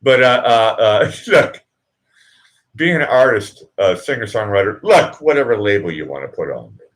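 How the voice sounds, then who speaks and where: A middle-aged man with a lowish, sing-song voice hosts a casual live stream at a normal speed. He rambles with viewers, interrupts himself, and chuckles at his own jokes.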